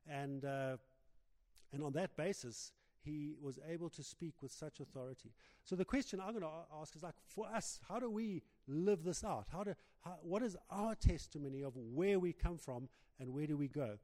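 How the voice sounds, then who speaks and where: Halting preacher in a reverberant hall. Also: male voice, a little high, dark tone. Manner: halting, many restarts and fillers. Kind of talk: sermon. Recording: long reverb of a large hall.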